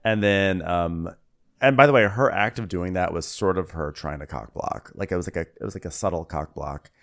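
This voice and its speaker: A man's voice: sits low, normal speed, vocal fry. A man co-hosting a podcast, chatting casually and acting out quotes from a reality show. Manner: chatty, quotes people in put-on voices. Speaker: podcast co-host. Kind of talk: casual recap chat.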